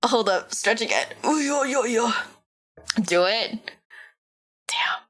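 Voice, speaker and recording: A young woman streaming a game live, chatting to her viewers in a high-energy, rambling way, swearing and saying "like" often. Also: expressive, slow, fairly bright tone, slightly rough. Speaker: VTuber streamer.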